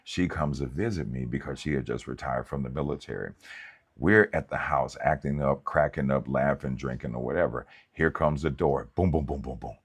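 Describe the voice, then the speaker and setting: Deep, husky-voiced male pastor. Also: moderate pace. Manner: animated, conversational, colloquial. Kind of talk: preaching with comic storytelling.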